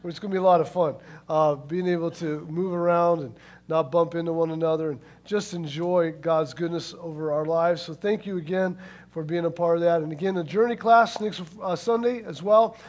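High-voiced man preaching casually. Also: fairly even intonation, normal speed, darkish tone. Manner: casual, folksy storytelling with many fillers. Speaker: pastor. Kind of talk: sermon with announcements and a told joke.

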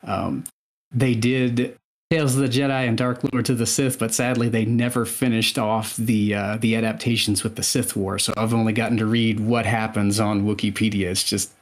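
A man's voice: fairly low pitch, flat delivery, normal speed. A man guest on a podcast, chatting casually and enthusiastically with many hesitations.

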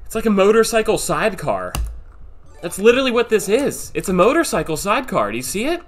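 Casual streamer man, lively voice. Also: high-pitched, fast talker, soft background music. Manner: casual, swearing, talks to chat. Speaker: streamer, host. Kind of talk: gameplay commentary.

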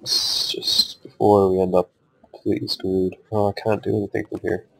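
A man's voice: lowish voice, little pitch movement, normal speed, creaky, low-quality recording. A young man giving casual commentary on his own strategy game match, swearing often and venting at his opponent.

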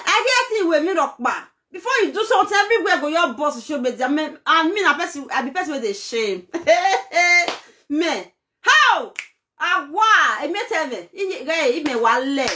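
A woman with a Nigerian accent, telling gossip in a casual vlog and excitedly pleading with her viewers for details. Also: high-pitched. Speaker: vlogger.

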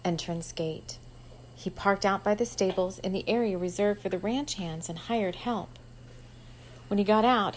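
A woman reads her own novel aloud in a steady, gentle storytelling voice. Her pitch sits mid-range, and she keeps an even, unhurried pace. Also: a little hiss or hum, low-quality recording. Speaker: author reading her own book. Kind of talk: storybook narration.

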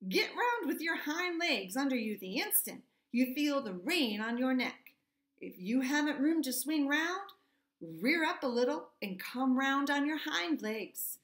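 A woman reading aloud plays a confident male troop horse in a storybook, a proud veteran who lectures earnestly. His voice sits on the high side, in a roomy space with a noticeable echo. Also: sing-song, unhurried, a bit bright, exaggerated voice. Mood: lecturing.

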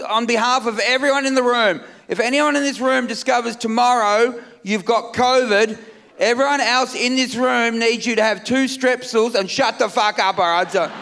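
A middle-aged Australian man doing a loud, brash stand-up comedy set on a festival stage, laughing at his own jokes. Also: very high-pitched. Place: comedy festival stage before a live crowd. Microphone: stage microphone.

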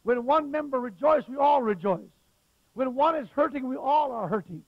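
High-voiced preaching man, dull lo-fi sound. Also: animated, moderate pace, no room sound. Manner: emphatic preaching with sudden loud stresses. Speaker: pastor. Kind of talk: sermon.

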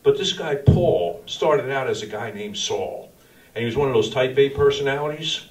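A man's voice: mid-range voice, moderate pace. A middle-aged man giving a casual, slangy sermon as a pastor, telling stories about his own life. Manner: casual storytelling, slangy and animated. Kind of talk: informal sermon. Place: small church cafe venue. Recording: echoey room from far off.

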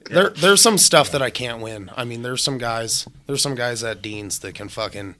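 A young man in casual podcast talk, blunt and animated, swearing freely as he tells work stories. His voice sits at an ordinary middle pitch. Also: moderate pace. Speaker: podcast guest, welder.

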